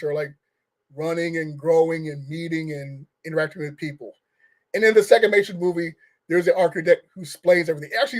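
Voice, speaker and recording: Guy ranting about a movie, kinda high voice, keeps asking questions and laughing a bit. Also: darkish tone. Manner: rambling, questioning, with restarts and short laughs. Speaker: film reviewer. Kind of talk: casual rant-style movie review.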